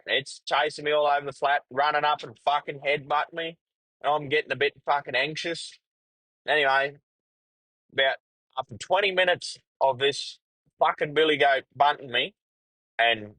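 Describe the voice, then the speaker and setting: A man's voice: medium pitch, fairly bright tone, no echo, rough recording. Profane Australian man spinning a yarn. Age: young adult. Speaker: podcast host. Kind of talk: casual storytelling.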